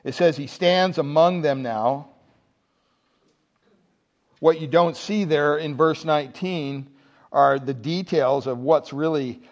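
A male pastor giving a Sunday sermon, animated and humorous, asking the congregation rhetorical questions. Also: a little high.

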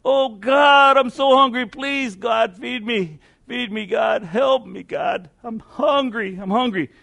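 Preacher's put-on old praying woman, high-pitched, imploring, dry sound. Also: takes it slowly, creaky, pushed and bright, no room sound, full character voice. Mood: pleading. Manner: pleading, repetitive.

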